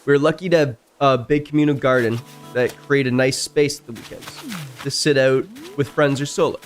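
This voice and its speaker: A man streams himself reading stories from the internet, chatting casually between lines and bursting into loud outbursts that shoot up in pitch.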